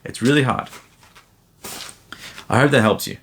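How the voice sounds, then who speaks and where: A man's voice: mid-range voice, unhurried, creaky, a bit bright. A young man answering viewer questions in a casual, rambling way, full of fillers and restarts. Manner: rambling, frequent fillers and self-corrections.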